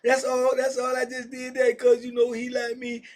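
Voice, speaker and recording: A jittery young male cellmate, as a male storyteller plays him who stumbles over his words and keeps apologizing. The pitch is high and anxious. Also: monotone, moderate pace, a little mellow. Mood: apologetic. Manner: stammering, nervous, apologetic. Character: nervous young male cellmate making excuses.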